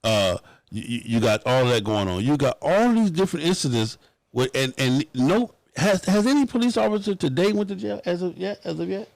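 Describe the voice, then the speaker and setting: A man with a Southern US accent hosting a casual opinion talk show, animated and profane, slipping into mock-pleading bits. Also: fairly high pitch, a little fast, vocal fry, no room sound.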